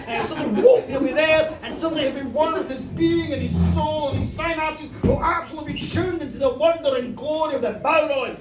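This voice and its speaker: A woman storyteller at a live pub show, chatty and lively, often checking in with her listeners. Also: high-pitched, background noise. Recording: roomy pub from far off.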